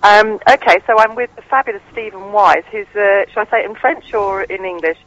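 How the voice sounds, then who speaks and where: Playful, cheeky male on-location reporter with a high voice; the sound is muffled, like a phone line. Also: quick pace, hardly any pauses, fairly bright tone, no echo. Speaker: radio co-host on location. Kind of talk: casual live radio banter.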